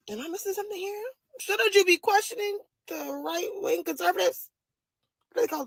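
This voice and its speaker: A woman's voice: extremely high pitch, a little fast, pushed and bright, no room sound, rough recording. A woman ranting in a social media clip, firing off profane rhetorical questions.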